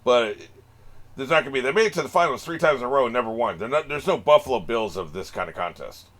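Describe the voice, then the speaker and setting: A man's voice: medium pitch, lively intonation, fast talker, fairly bright tone. A man hosting an anime reaction video, cracking profane jokes and laughing often in casual commentary. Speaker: anime reaction channel host.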